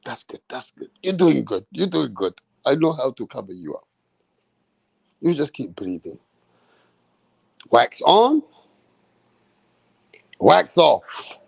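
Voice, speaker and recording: A calm male boxing referee, as a man puts him on, speaks in a low, hushed and soothing voice. He drops lower than the speaker's usual tone and slows down to reassure. The sound is close and dry. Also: creaky, dry recording, heavily acted.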